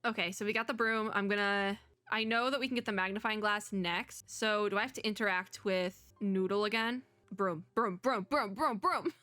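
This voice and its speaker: A young woman hosting a let's-play on a close desk mic at home, chatty, wry and quick to giggle. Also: mid-range voice, fairly even intonation, bright, forceful tone, smooth, dry recording, soft background music. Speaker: gaming channel host.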